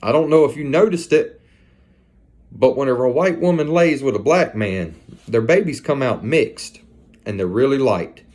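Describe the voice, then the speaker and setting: Hardened male ex-con, casual and profane, flat-out matter-of-fact, as a storyteller puts him on. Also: mid-range voice, normal speed, lightly acted. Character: hardened male ex-convict gang member, blunt.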